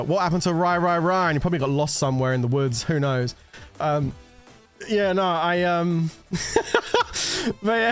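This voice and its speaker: A man in a casual gaming rant, swearing, rambling and laughing as he talks to his viewers. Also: medium pitch. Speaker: gaming content creator.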